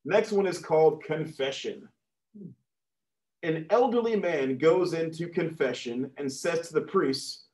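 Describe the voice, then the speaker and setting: A man's voice: fairly high pitch, measured pace. A man telling jokes casually to program participants, laughing at his own punchlines. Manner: chuckles at his own jokes, lively delivery. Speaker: joke reader for program participants. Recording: echoey room.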